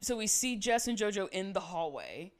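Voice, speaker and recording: Lively woman podcaster, laughing often. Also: mid-range voice, normal speed. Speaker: podcast co-host recapping a show. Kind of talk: casual chat.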